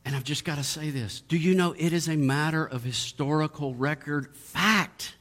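A man's voice: a little high, normal speed, fairly bright tone. A middle-aged man preaching a sermon, asking strings of rhetorical questions and building to emphatic peaks. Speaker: pastor.

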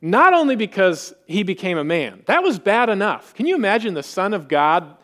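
A man preaching a sermon in an animated way, acting out quoted voices with rising emphasis. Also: sits high, moderate pace. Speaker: pastor.

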